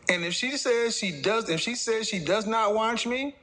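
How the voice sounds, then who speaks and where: Here a dating commentator with a high, sharp-toned voice talks casually about his opinions. He addresses the audience head-on, lecturing and mocking, with occasional quick impressions.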